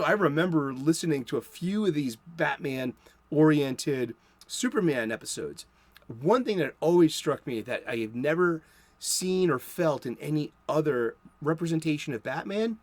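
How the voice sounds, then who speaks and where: A man in his fifties from South Boston, Massachusetts, speaks with a Boston accent in a somewhat high voice with lively intonation and a measured pace, and there is no echo. As a comic book podcast host, he gives a casual solo talk about comics that rambles into joking asides.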